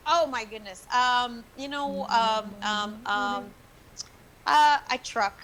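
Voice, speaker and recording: A woman's voice: on the high side, takes it slowly, fairly bright tone, slight background noise, poor audio. A woman guest on a casual live stream, talking hesitantly with many fillers and laughing easily.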